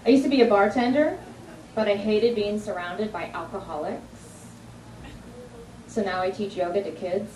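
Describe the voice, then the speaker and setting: A woman from New Jersey doing a stand-up comedy set, telling animated stories with sudden high-pitched punchlines. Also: moderate pace, long pauses, far from the mic, a little hiss or hum. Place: comedy club stage. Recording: echoey club recording from afar, with crowd laughter.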